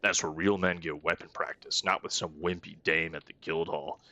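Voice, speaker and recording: A man's voice: low voice, fairly even intonation, normal speed, sharp tone, no room sound. A man reading aloud the lines of an arrogant, burly male weapon-shop owner from a game, curt and scornful. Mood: gruff.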